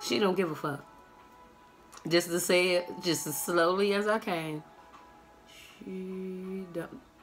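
A woman's voice: on the low side, a little slow, faint music behind. A woman doing a tarot reading on camera, talking in a blunt, sassy and profane way. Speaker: tarot reader.

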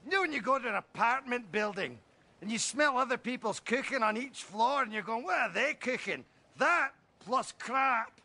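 A man's voice: very high-pitched, lively intonation, normal speed, pushed and bright, exaggerated voice. A man doing a comedic impression of an obese, crude, gluttonous Scottish man who bellows and boasts. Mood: gleeful sniffing.

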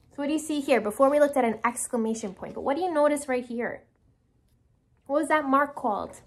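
A woman's voice: high voice, brisk. A woman teacher reading a picture book aloud to children, asking them questions and encouraging answers.

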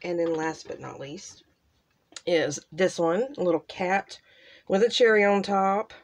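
A woman hosting a casual crafting unboxing, gushing softly and trailing off into quiet asides. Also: fairly low pitch, fairly even intonation, unhurried. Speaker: crafting channel host. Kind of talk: casual unboxing show-and-tell.

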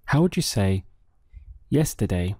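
A man teaching a Spanish lesson, slowly and patiently, with pauses for the listener to think. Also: lowish voice, sing-song, a little mellow, breathy edge, no room sound, clean studio sound. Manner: slow, patient, with drill pauses. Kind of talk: audio language lesson.

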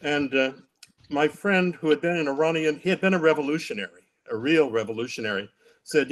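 A man's voice: fairly high pitch, fairly quick. An older man on a discussion panel, telling a story vividly and acting out the quotes. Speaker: panel guest recounting captivity.

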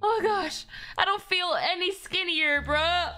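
A woman's voice: very high voice, a little slow, bright, forceful tone. A young woman voicing her game roleplay character with a whiny, dramatic and slangy delivery. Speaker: roleplay voice actor.

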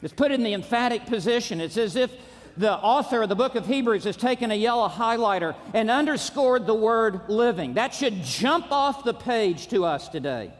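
A man preaching a conference sermon, driving his points home with punchy repetition and rising to shouts. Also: high-pitched, lively intonation, moderate pace. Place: large auditorium. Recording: long reverb of a large hall.

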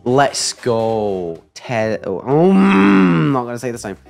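Excitable man yelling over gameplay. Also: medium pitch, takes it slowly, gravelly, faint music behind. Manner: excitable, yelps and shouts at mistakes, talks to himself. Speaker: gaming YouTuber. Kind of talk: live gameplay commentary.

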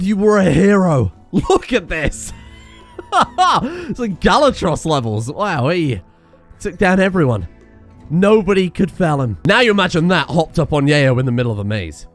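A man casually commentating his own gameplay, breaking into exclaims and laughter. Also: sits high. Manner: excitable, laughs and exclaims in bursts. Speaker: gaming video host.

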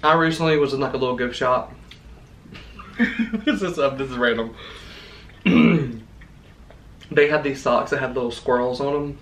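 A man, co-hosting a casual mukbang and chatting excitably between bites. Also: medium pitch, moderate pace, pauses often, slight background noise. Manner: chatty, excitable, talks while eating. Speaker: co-host.

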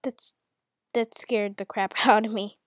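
A woman giving live commentary on her own gameplay at home, muttering to herself and then yelling at opponents in exasperation, with mild cursing. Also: fairly even intonation, a little slow, dry recording, clean studio sound. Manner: swings from low muttering to angry yelling at opponents. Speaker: gamer.

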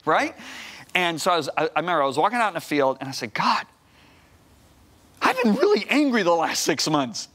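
A man's voice: fairly high pitch, huge pitch swings, brisk, a bit bright. A middle-aged man preaching as a guest on a Christian TV show, telling a personal story energetically, repeating words and acting out conversations. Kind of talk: animated storytelling testimony. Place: TV studio.

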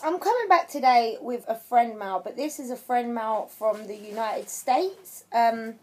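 A woman chatting through an unboxing on her craft channel, emotional, gushing with thanks and shaky with excitement. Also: on the high side, unhurried. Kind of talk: unboxing vlog chat.

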